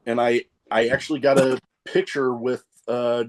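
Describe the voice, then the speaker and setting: A man with a mid-range voice hosts a casual podcast interview. He talks in a relaxed, chatty way and swears now and then. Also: mid-range voice, normal speed. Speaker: podcast host.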